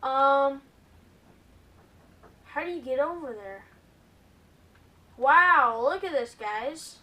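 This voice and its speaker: A woman hosting a gaming video, giving excitable gameplay commentary and often calling out to her viewers. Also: sits high, very slow, far from the mic. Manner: excitable, keeps addressing viewers as "guys".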